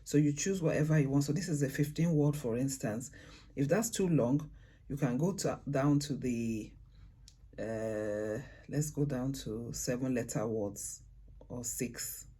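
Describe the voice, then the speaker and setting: A man with a husky, slightly breathy voice talks beginners through poetry rhymes. His tone is dark and mellow, and he is unhurried, stopping to hunt for words and spelling letters out one by one. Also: mid-range voice. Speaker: poetry tutor. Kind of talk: casual beginner tutorial.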